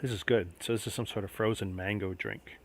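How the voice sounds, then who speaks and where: A man's voice: on the low side, fairly even intonation, a little fast, a bit bright. A man hosting a casual livestream, chatting and musing aloud as he builds a model kit. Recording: faint background noise.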